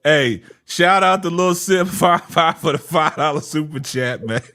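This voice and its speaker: A man's voice: a little high, measured pace, sharp tone. A man hosting a casual sports livestream, laughing often and reading out super chats. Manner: laughing, repeats "man" and "hold on".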